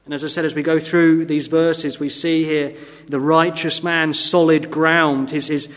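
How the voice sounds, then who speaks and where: A man preaching an earnest sermon, swinging between emphatic rises and quiet drops. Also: on the high side, little pitch movement, measured pace. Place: church. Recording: long reverb of a church hall.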